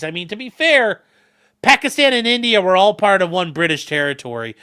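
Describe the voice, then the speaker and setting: Reading and reacting to his chat, a livestream host rambles and cracks jokes in relaxed stream conversation. His voice is a little high with a sharp tone.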